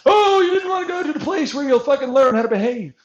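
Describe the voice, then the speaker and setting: A man ranting with profanity over gameplay, swinging between shouted mockery and low mutters. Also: expressive, fast talker, dull audio.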